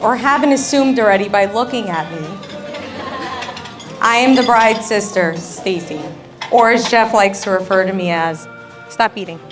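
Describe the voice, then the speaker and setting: At a normal speed and in a mid-range voice, a woman toasts her sister, the bride, at the reception. She pokes fun at herself and laughs a lot while a crowd and music murmur faintly in the background.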